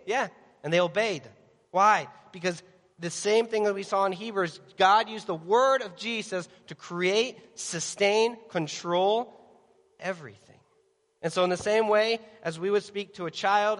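High-voiced preacher in a reverberant hall. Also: male voice, brisk. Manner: animated, acts out voices of worried people and Jesus; asks the audience direct questions. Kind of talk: sermon. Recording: long reverb of a large hall.

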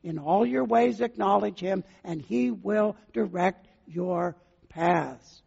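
A man's voice: high-pitched, slow, creaky, darkish tone, slightly rough. An older man preaching a sermon as a pastor, earnestly putting questions to his listeners. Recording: muffled sound with long hall reverb.

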